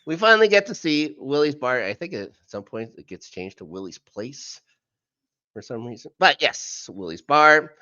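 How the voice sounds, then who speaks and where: Male podcast co-host, casual rambling recapper, very animated pitch. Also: moderate pace, no room sound, muffled recording. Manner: chatty, rambling recap full of fillers and asides. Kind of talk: casual rewatch recap chat.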